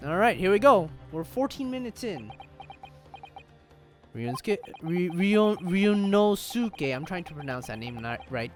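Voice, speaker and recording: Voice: medium pitch, big pitch swings, unhurried. A gamer casually commenting on a story game, self-deprecating and giggly. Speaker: let's-play gamer. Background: faint game music.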